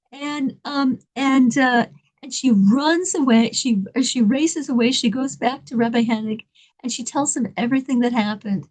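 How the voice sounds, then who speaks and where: A woman telling an inspirational story in an animated, dramatic way, laughing between lines. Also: sits high, normal speed.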